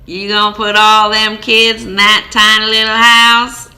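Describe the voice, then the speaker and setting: A woman's voice: medium pitch, completely flat delivery, unhurried, bright, forceful tone, voice pushed up. A woman voicing a disapproving older woman neighbor who asks pointed, judgmental questions.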